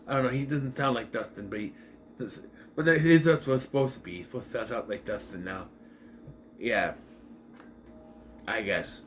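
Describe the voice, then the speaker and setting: A man's voice: mid-range voice, expressive, moderate pace, long pauses, a little hiss or hum. A man casually recapping and reviewing a TV episode, rambling and correcting himself as he acts out the scenes.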